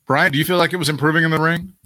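A man co-hosting a casual podcast, crude and animated, laughing often at his own jokes. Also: on the high side, rapid-fire, no room sound, studio quality. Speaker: podcast co-host.

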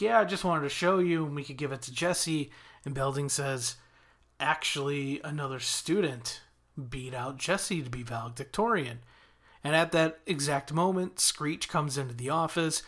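A man casually recapping a TV episode as a podcast host, quoting characters' lines as he retells it. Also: medium pitch. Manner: animated retelling with quoted lines.

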